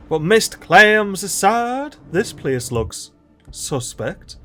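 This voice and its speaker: High, lively gaming commentator. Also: male voice, takes it slowly, soft background music. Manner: excitable, chatty, swears casually. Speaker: gaming channel host. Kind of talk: let's play commentary.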